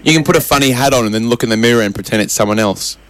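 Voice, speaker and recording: A man co-hosting a comedy podcast, ranting animatedly and joking. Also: mid-range voice. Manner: animated, ranting, quick-witted. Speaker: podcast co-host. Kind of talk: comedic banter.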